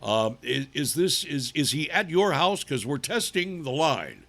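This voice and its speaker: A man voicing a flustered school official in a hushed, fretful, mock-worried voice. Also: on the high side, very animated, unhurried, voice pushed down, full character voice. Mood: fake-polite. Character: flustered whispering teacher and principal.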